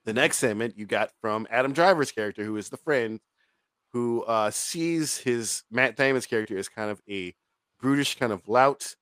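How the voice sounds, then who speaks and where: Male podcast co-host, loose and swearing, medium pitch, dry close sound. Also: normal speed, fairly bright tone, clear, resonant tone, no echo. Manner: rambling, profane, laughs often. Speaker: podcast co-host reviewing a film. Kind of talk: casual podcast chat.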